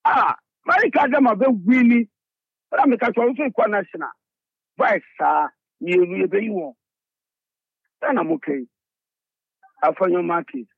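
A man's voice: high-pitched, moderate pace, gravelly, long pauses, husky, no room sound. A man calling a radio show, reciting a list of party appointments. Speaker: caller. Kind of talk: political phone-in call. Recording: tinny phone line.

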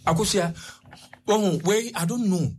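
A woman with a Ghanaian accent chatting on a radio show, telling animated stories and switching between Twi and English. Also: medium pitch, a little slow, slight background noise. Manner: animated storytelling, code-switching. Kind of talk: casual chat mixing Twi and English.

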